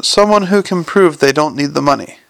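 A wry, hesitant young man, as a male narrator reads him, with a gravelly texture and a slightly high voice. His delivery is plain and unforced. The recording is dry and close. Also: normal speed, a bit bright, no room sound.

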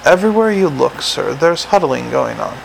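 A man puts on a slow, stolid older sergeant who speaks earnestly in plain working-class slang for an audiobook. The voice rises higher than the narration and keeps a gravelly texture. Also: big pitch swings, slight background noise, full character voice, low-quality recording. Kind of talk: audiobook character reading.

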